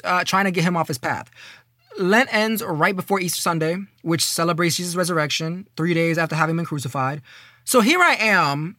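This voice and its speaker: A young man casually telling a personal story, slangy and animated, with lots of fillers. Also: high voice, dry recording, studio quality.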